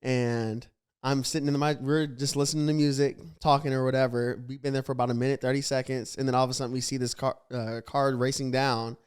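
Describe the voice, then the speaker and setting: A young man hosting a casual podcast chat, his voice smooth and resonant at a middle pitch. He tells a story with animation, playing out each side of the conversation. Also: fairly quick. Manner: animated storytelling, acts out quoted exchanges. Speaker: podcast host.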